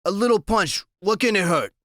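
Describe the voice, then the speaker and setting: A man's voice: sits high, very animated, a little fast, pushed and bright, dry recording, clean studio sound, pitched above the performer's own voice, full character voice. A man doing a jittery biker boss. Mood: nervous. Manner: jittery, eager to please. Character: nervous middle-aged male biker gang boss.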